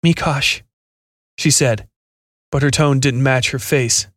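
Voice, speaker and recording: A man narrating a scripted science fiction horror story in a steady, measured reading. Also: medium pitch, dry recording, clean studio sound.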